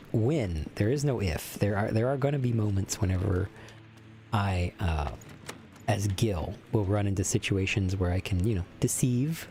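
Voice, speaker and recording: A man's voice: lowish voice, darkish tone, slight background noise. A man from Texas chatting casually with viewers during a game stream, speaking in a put-on somber, theatrical voice into a filtered desk microphone.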